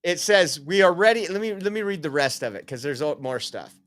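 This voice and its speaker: A man's voice: fairly high pitch, lively intonation, fairly quick, fairly bright tone. A man hosting opinionated political commentary, reading quotes aloud and laughing at them mockingly.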